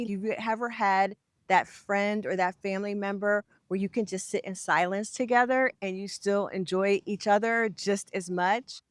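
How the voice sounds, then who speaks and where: A woman's voice: mid-range voice, a bit bright, no echo, studio quality. A woman in her forties hosting a self-help video, talking candidly and conversationally to camera with frequent restarts. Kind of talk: casual confessional talk to camera.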